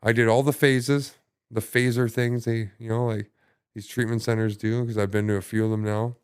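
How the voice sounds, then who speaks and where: A man telling his story as a podcast guest in casual conversation, halting and profane, full of restarts and fillers. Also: mid-range voice, flat delivery, clean tone, dry recording, studio quality.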